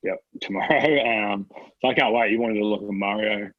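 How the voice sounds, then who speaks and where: A man in his thirties with an Australian accent, telling stories in a relaxed podcast chat, swearing freely and laughing often. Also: fairly low pitch, moderate pace, no room sound, highs cut off. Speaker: podcast guest. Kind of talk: casual chat.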